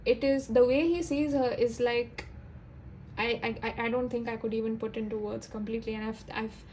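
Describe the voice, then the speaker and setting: A young woman doing a casual tarot reading, rambling and halting, often restarting her sentences. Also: on the high side, steady tone, a little mellow, slight background noise. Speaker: tarot reader.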